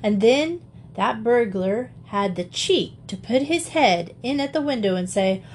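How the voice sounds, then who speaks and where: A woman reading a classic children's story aloud, with measured, lively storytelling. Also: on the high side, a little hiss or hum. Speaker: audiobook reader. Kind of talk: storybook narration.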